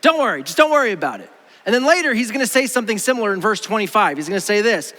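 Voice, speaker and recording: A man in his thirties preaching a sermon in a casual, animated way, acting out quoted voices. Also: fairly high pitch, rapid-fire. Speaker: pastor. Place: church auditorium. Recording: long hall reverb.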